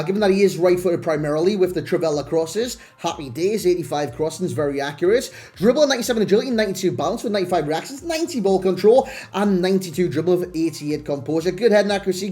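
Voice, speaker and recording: A man's voice: sits high, darkish tone. A young man hosting a gaming channel, talking through a player review in a chatty, self-deprecating way with plenty of restarts. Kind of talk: casual game review commentary.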